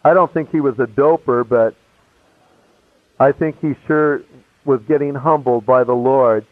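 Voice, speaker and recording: Male pastor, casual storytelling sermon, narrow phone-like sound, dry close mic, average-pitched voice. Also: fairly even intonation, measured pace, no echo. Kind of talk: sermon with personal testimony. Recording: tinny phone-like radio broadcast.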